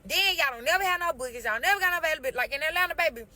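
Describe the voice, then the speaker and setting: A woman's voice: high-pitched, expressive, racing, pushed and bright. A woman venting casually to camera in an exasperated, slangy rant.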